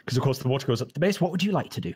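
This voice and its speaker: A man running a fantasy tabletop game, describing scenes and calling for rolls in a relaxed, loose way. His voice sits at an ordinary middle pitch, and he often stops and restarts his sentences as he goes. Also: racing, slightly rough. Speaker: dungeon master. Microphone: home mic on a live stream.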